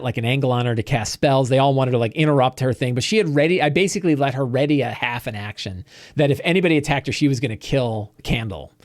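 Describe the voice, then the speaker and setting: A man, the game master, recapping a tabletop game session in a rambling, animated storytelling way. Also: mid-range voice, dry recording, clean studio sound. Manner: rambling, animated storytelling with quoted character lines.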